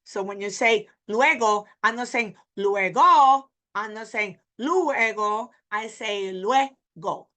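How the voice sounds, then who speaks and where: Bright-voiced teacher. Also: female voice, medium pitch, steady tone. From Puerto Rico. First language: Spanish. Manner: demonstrative, repeating example words slowly. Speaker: Spanish teacher. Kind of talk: online pronunciation lesson.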